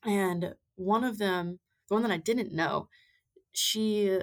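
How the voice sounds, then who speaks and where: A woman's voice: medium pitch, takes it slowly. A woman in her twenties, a guest on a podcast, telling stories in casual chat with plenty of fillers. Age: 20s. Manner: chatty storytelling with many fillers. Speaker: podcast guest, amateur rider.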